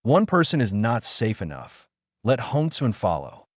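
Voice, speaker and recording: A man's voice: medium pitch, wildly swooping pitch, unhurried, no room sound, clean studio sound. A man voicing a shrewd, laid-back male basketball coach who talks in an easygoing, knowing way. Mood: amused.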